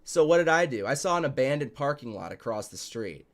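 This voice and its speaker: A show host and promoter tells stories on a casual podcast, swearing heavily and delivering every line with emphasis. He has a mid-range, animated voice and talks a little fast.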